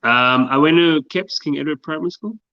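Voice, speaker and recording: A man as guest co-host on a video call, bantering with lively laughter. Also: fairly high pitch, brisk, muffled recording. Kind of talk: casual banter.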